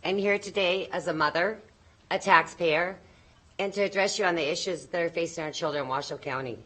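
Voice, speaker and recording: A woman's voice: lowish voice, brisk, a bit bright. A woman, a mother, giving a nervous, emotional public comment at a board meeting and pleading with the board.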